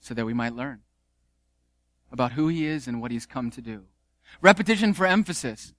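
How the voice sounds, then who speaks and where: A man preaching a sermon, emphatic, swinging between loud declarations and quiet appeals. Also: medium pitch, expressive, moderate pace, long pauses, dry recording, studio quality. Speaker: pastor.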